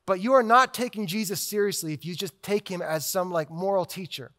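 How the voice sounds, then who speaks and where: Emphatic high-voiced male preacher. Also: fairly quick, pushed and bright. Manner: emphatic, with repetitive rhetorical build-ups. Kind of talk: sermon.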